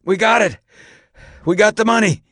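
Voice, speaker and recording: A man voicing a gruff male cop who shouts urgently and rasps from smoke. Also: a little high, moderate pace, no echo, studio quality, voice pushed up. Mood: raspy.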